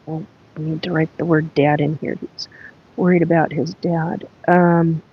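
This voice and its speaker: A woman hosting a live solo chat, recounting a spirit reading in a halting way as she reads from her notes. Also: low voice, level tone, slightly rough, highs cut off. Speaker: psychic medium host.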